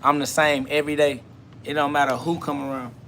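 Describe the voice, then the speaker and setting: A man's voice: on the high side, little pitch movement, fairly quick, fairly bright tone. A man hosting a live self-talk podcast, talking bluntly and profanely in a preachy way while answering chat comments aloud.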